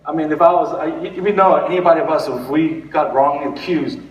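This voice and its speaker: A man's voice: fairly high pitch, steady tone, a little fast, dull audio. A male pastor giving a conversational sermon, rambling with restarts and fillers. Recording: echoey hall, recorded from far off.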